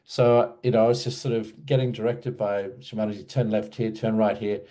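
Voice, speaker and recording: A man's voice: fairly low pitch, level tone, brisk, mellow. A man casually telling a personal memory in an interview, hesitant, with many restarts and fillers. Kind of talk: casual storytelling.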